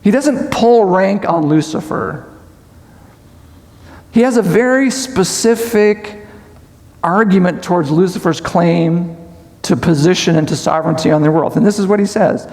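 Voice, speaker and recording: A man gives a Bible study sermon, questioning and explaining step by step. His voice is high with a gravelly edge. A long hall reverb trails every phrase. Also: a little slow, a little mellow. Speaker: conference speaker. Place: large conference hall.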